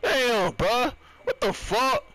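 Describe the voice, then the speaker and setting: A young man giving raging, profane gameplay commentary, yelling in frustration and then dropping to low muttering. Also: big pitch swings, takes it slowly, no room sound. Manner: swings between loud outbursts and low muttering. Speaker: gamer.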